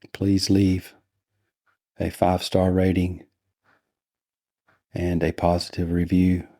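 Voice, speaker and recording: A man reading a story aloud in a deliberately dull, unhurried way for bedtime listening. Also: low voice, dry recording, clean studio sound. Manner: flat, unhurried, monotonous. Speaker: podcast host and reader.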